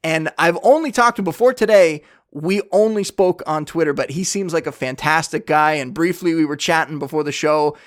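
Dude hosting a fantasy football pod, kinda high voice, easygoing chatty analysis. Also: male voice, brisk, hardly any pauses. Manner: conversational, relaxed analysis. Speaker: podcast host. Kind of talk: casual chat.

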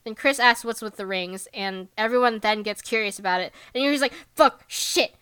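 A woman chatting casually as a podcast co-host, very animated, laughing often, filling her talk with "like" and acting out characters with sudden jumps in pitch. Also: fairly quick, clean tone, dry recording. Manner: swears casually, lots of filler "like". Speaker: podcast co-host recapping an anime episode. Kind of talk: casual chat.

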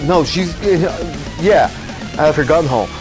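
A man co-hosting a comedy podcast, spinning an improvised horror movie plot aloud. He talks in a fairly high voice, full of fillers and restarts. He rambles on energetically, frequently breaking into laughter. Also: moderate pace, over music. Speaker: podcast co-host.

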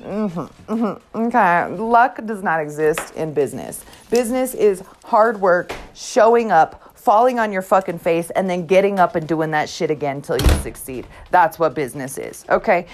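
A woman's voice: lowish voice, expressive, moderate pace, few pauses, a little hiss or hum. A mother hosting her own show, delivering a blunt, profane, emphatic motivational monologue. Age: adult mother. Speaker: host.

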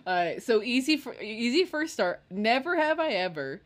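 A woman's voice: on the high side, very animated, moderate pace. A young woman chatting casually with a friend in a podcast game, laughing often and telling stories with animation. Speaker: co-host. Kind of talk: casual chat.

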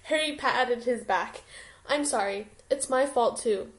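A woman's voice: on the high side, slow pace. A young woman casually reading a story aloud, often breaking into laughter as she goes. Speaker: co-host reading fanfiction aloud.

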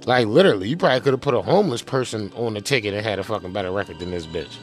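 A man's voice: lowish voice, animated, rapid-fire, soft background music. A man hosting his political commentary show in a casual, profane rant, full of slang and "you know what I'm saying" tags.

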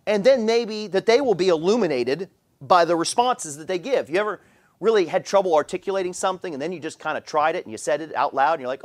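A man's voice: high voice, fairly quick. A man preaching a sermon as pastor, often repeating words as he restarts phrases. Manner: animated preaching with frequent stammered repeats. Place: church.

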